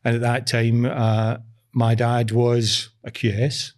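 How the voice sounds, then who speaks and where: A man's voice: mid-range voice, completely flat delivery, slow pace. A middle-aged Glaswegian man speaking as a guest in a casual interview, hesitating and restarting his sentences. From Scotland. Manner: hesitant restarts with many uh fillers. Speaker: guest, construction commercial director.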